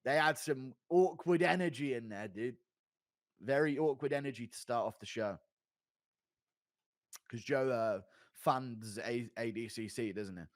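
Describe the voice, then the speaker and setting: A man hosting a livestream, talking casually with viewers in a rambling, profane, increasingly excited way. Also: medium pitch, a little slow, long pauses, dry recording, studio quality. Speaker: livestream host reading donations.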